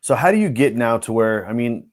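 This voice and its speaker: A man hosting a podcast, asking questions in a relaxed, joking way and dropping in "like" a lot. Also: mid-range voice, fairly quick. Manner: relaxed, jokey, says "like" a lot. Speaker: podcast host. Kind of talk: casual interview chat.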